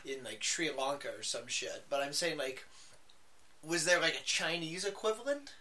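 Male podcast co-host, bright, slightly high voice, rambling profane casual talk, poor audio. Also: lively intonation, normal speed. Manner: rambling, profane, lots of fillers and restarts. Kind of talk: casual chat. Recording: faint background noise, poor audio.

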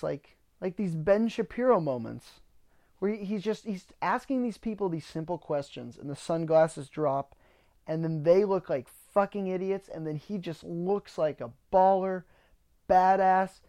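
A man's voice: sits high, darkish tone. A man hosting a podcast, ranting in a casual monologue, swearing freely and often repeating words as he starts sentences. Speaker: podcast host.

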